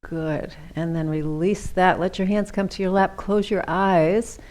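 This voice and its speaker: A middle-aged woman leading a seated yoga class, giving gentle, chatty cues and often checking in with "right?". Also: fairly low pitch, fairly even intonation, moderate pace. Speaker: chair yoga instructor.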